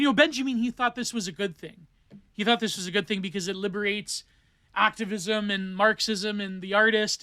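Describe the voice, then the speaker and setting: A man's voice: high voice, pushed and bright, no room sound. A man hosting a solo podcast, rambling through art theory with many fillers and restarts. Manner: rambling, digressive, many fillers and self-corrections. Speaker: podcast host.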